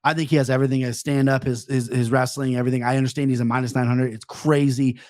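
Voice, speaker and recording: A man co-hosting a sports podcast, talking through a matchup in a quick, chatty way. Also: medium pitch, flat delivery, darkish tone, no room sound, studio quality. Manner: quick, chatty fight breakdown. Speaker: podcast co-host. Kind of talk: casual sports podcast chat.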